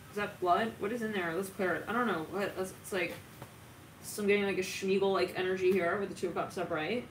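A woman reads tarot in a loose, animated way, laughing and tossing in the odd curse word. Her voice sits at a middling pitch and sounds set back from the mic. The room rings around her, with a faint hum of ambience underneath. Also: fast talker. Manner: animated, swears, laughs often, dramatic asides. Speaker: tarot reader. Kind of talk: casual tarot reading monologue. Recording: roomy, distant from mic, faint ambient noise.

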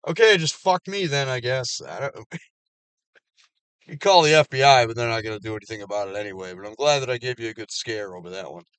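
A man delivering an angry, heavily profane personal rant, swinging between loud outbursts and low mutters. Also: brisk, smooth, no echo. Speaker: vlogger.

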